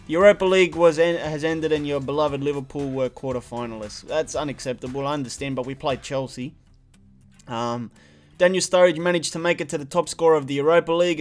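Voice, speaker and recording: A young man talks through a football video game match in casual, animated play-by-play. His voice sits a touch high, and he swings from low muttering to frustrated outbursts. Soft game music plays faintly underneath. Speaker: gaming video creator. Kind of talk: live football game commentary.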